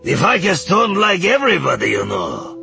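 A man voicing a loud, teasing old male Toydarian diviner with a high, cackling voice. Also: huge pitch swings, normal speed, creaky, over music, exaggerated voice. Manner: boisterous, joking, exclamatory.

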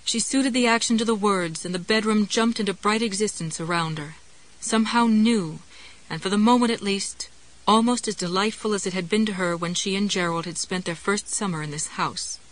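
A woman narrating a novel in a measured, wry storytelling manner. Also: medium pitch, poor audio. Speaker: audiobook narrator. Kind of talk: scripted narration.

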